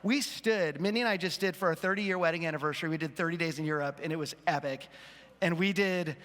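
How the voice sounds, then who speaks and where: A man's voice: fairly high pitch, fast, fairly bright tone. A man in his fifties, a pastor telling a self-deprecating story in a sermon to his church. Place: church auditorium. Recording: long hall reverb.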